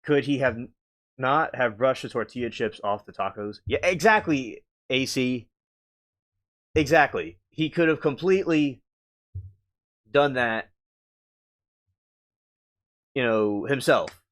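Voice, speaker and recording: A man's voice: medium pitch, animated, fairly bright tone. Man, stream host, casual chat-reading, hesitant and rambling. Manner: halting and meandering, with many restarts.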